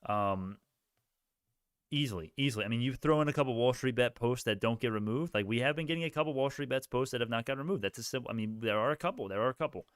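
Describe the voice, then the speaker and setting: A man's voice: medium pitch, lively intonation, fast, clear, resonant tone, no room sound, studio quality. A man hosting a stock market live stream, answering viewer questions in a rambling, casual way while thinking aloud. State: sleepy, yawning. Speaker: stock livestream host.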